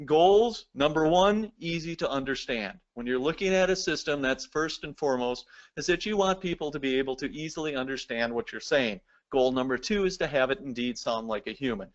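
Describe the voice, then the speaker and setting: A man's voice: medium pitch, fairly quick, lo-fi sound. A man giving a recorded lecture, explaining step by step and addressing the viewers directly. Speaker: presenter.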